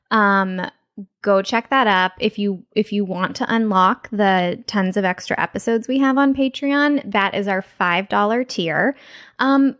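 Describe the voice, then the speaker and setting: A woman co-hosting a podcast in casual chat, bubbly and enthusiastic, quick to laugh. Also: medium pitch, fairly bright tone. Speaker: podcast co-host.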